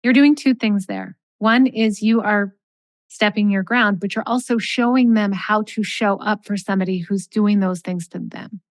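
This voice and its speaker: A middle-aged woman, a life coach, giving calm, measured advice in a podcast interview and acting out sample lines of dialogue. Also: mid-range voice, no room sound.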